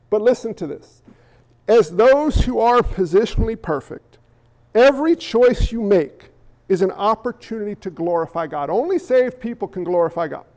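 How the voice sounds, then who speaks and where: High-voiced male pastor preaching. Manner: animated, acts out quoted voices. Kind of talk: sermon. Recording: echoey hall, dull lo-fi sound.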